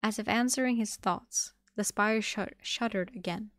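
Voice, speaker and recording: A woman streamer reading a novel aloud on a live stream, steady with small restarts. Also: mid-range voice, moderate pace, no room sound, studio quality.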